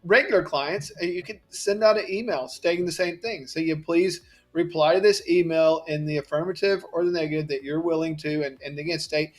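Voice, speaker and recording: A man's voice: fairly high pitch, a little fast, hardly any pauses. A man co-hosting a salon business show, giving practical casual advice and thinking aloud as he goes.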